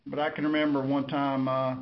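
Flat-voiced man on a lo-fi call. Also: mid-range voice, brisk, a little hiss or hum. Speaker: client. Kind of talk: coaching call.

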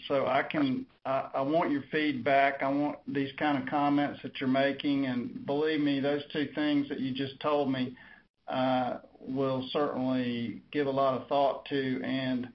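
A man's voice: medium pitch, dull audio. A man taking part in a coaching call as a client, answering earnestly and openly.

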